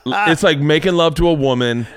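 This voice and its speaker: Guy telling wild stories on his podcast, smooth clear voice, super dry close mic, yells out the funny parts. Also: a little high, moderate pace, dry recording. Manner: animated storyteller, loud excited impressions, frequent swearing. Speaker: podcast host. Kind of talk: casual storytelling chat.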